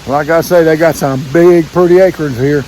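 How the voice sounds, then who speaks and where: A man's voice: a little high, steady tone, normal speed, darkish tone, slight background noise, low-quality recording. Folksy older man hiking. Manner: folksy, rambling, talks to himself while walking. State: out of breath. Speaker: RV vlogger. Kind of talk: casual hiking vlog narration. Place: wooded trail outdoors by a waterfall. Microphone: handheld camera while hiking.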